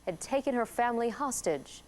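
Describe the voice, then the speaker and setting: A woman news reporter delivering a formal, measured TV news report. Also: on the high side, expressive, darkish tone.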